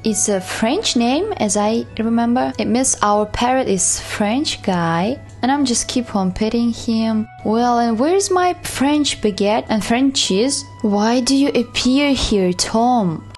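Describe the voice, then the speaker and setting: A woman's voice: a little high, expressive, takes it slowly, hardly any pauses, faint music behind. A woman giving chatty, playful let's-play commentary, cooing at a virtual pet. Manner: chatty, playful, talks to her pet like a baby. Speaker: gaming YouTuber.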